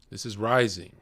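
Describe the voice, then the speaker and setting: A man's voice: lowish voice, fairly bright tone, no room sound. A man streaming to his chat, lecturing in a brash, heated and profane rant.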